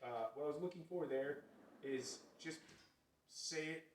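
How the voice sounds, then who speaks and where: A man's voice: on the high side, a little slow. An easygoing male dog trainer explains commands to an owner in a mid-range voice, full of ums and uhs. He sounds roomy and distant from the microphone. A faint noise runs underneath. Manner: easygoing, filler-heavy coaching. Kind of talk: instructing an owner during a training session.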